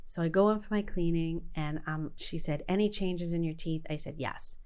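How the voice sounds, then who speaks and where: A woman's voice: on the low side, moderate pace, clean tone. A middle-aged woman co-hosting a casual chat, telling stories and acting out the dialogue. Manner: animated storyteller acting out dialogue. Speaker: co-host.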